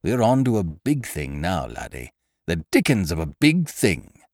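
A man's voice: deep voice, wildly swooping pitch, unhurried, gravelly, darkish tone, dry recording, studio quality, pitched below the performer's own voice, exaggerated voice. A man voicing a boisterous, scheming young man, full of big plans, who talks in a hearty, breezy way. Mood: exuberant. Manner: hearty, breezy, calls people "old horse" and "laddie".

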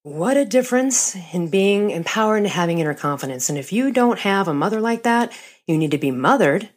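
A woman's voice: mid-range voice, lively intonation, a little fast. A woman podcast host chatting casually with her guest, earnest and emotional as she shares a personal story. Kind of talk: casual interview chat.

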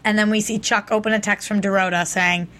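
A woman's voice: medium pitch, fairly even intonation, fast, a bit bright. A woman co-hosting a TV aftershow, recapping and gossiping in a gushing, chatty way full of "like". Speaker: co-host of a TV aftershow. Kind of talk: casual gossip chat.

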